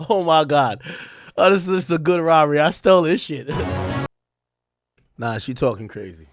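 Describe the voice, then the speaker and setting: A man's voice: a little high, animated, normal speed, pauses often, no room sound. A man hosting a livestream and reacting to a track in slangy, profane casual commentary, repeating himself as he gets worked up. He talks into a desk mic. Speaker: livestream host.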